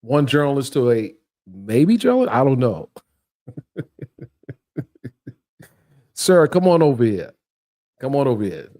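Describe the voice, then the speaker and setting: Middle-aged male livestream host; animated, taunting delivery, lively pitch. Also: a little slow, pauses often. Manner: animated, mocking, laughs often, repeats himself. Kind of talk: casual livestream rant.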